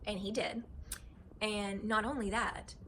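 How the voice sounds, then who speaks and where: A woman talking in a casual home vlog, close to tears and gushing with gratitude, with halting restarts. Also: medium pitch, level tone, sharp tone, slight background noise, low-quality recording. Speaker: vlogger and wife. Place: home kitchen.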